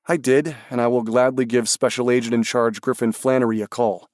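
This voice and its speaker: A male narrator voicing a helpful official with years in government, who speaks briskly and reassuringly. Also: mid-range voice, fairly even intonation, a little mellow, dry recording, studio quality, lightly acted.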